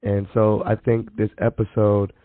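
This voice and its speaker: A man's voice: lowish voice, completely flat delivery, measured pace, dry recording. A man hosting a casual podcast chat, easygoing, stumbling over words and laughing at himself. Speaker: podcast host. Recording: phone-like narrow sound.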